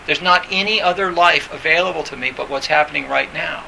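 A man's voice: fairly high pitch, brisk, gravelly, few pauses, sharp tone, rough recording. A man giving a conversational dharma talk, full of fillers and restarts, who acts out quoted voices now and then. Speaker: meditation teacher. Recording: faint hiss.

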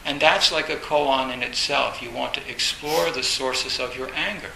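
A man's voice: mid-range voice, fairly even intonation, normal speed, vocal fry, a little hiss or hum. Man giving a rambling, echoey Zen talk. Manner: rambling, repeats phrases, many fillers; acts out inner voices, bursts loud. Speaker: Zen teacher. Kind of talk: dharma talk.

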